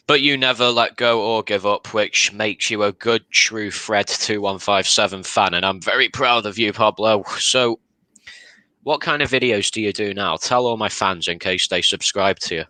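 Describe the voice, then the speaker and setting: Bossy teasing young man, bright voice. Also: on the low side, normal speed, dry recording. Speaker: host of a story call. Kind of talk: casual chat over a voice call.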